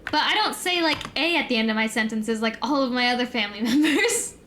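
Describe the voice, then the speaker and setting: Fast-talking and expressive, this young American streamer has a fairly high, bright voice with a forceful tone and a neutral American accent. She chats and rambles casually, laughs readily, and leans heavily on "like" and other fillers.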